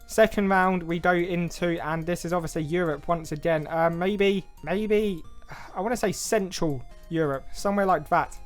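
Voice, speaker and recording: A man's voice: sits high, moderate pace, soft background music. A young man with an English accent giving casual, self-mocking game commentary, thinking aloud and second-guessing himself as he plays. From England. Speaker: gaming YouTuber.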